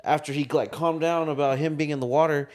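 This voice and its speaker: A man's voice: fairly high pitch, fast. A young man co-hosting a casual talk show, telling a story with lots of swearing and acted-out quotes, recorded in a parked car. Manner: animated storyteller, acts out quotes, swears freely. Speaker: podcast co-host.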